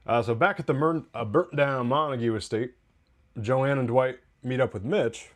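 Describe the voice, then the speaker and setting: A man's voice: mid-range voice, normal speed. A man hosting a TV review podcast, recapping an episode in a loose, chatty way with profane asides and laughs.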